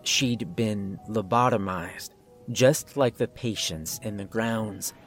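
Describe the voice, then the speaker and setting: A man narrating a horror story in a steady, suspenseful scripted style. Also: lowish voice, takes it slowly, soft background music.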